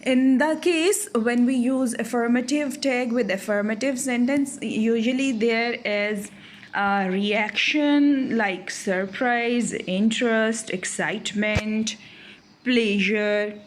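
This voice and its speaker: A woman teaching a grammar lesson over slides, explaining slowly and deliberately with examples. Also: fairly high pitch, a little hiss or hum. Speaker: English teacher.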